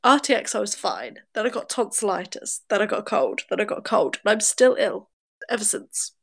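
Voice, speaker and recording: Congested English woman, gravelly chat. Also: medium pitch, sing-song, a little fast, a bit bright. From England. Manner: chatty, laughs often, self-deprecating. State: congested, nasal from a cold. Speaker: podcast guest. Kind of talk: casual chat.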